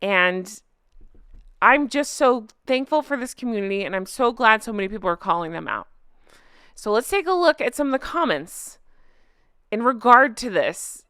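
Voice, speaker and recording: A woman's voice: fairly high pitch, big pitch swings, normal speed, fairly bright tone, clear, resonant tone, no echo, clean studio sound. A middle-aged woman hosting a commentary vlog, talking in a heated, indignant way and reading viewer comments aloud. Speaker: commentary channel host.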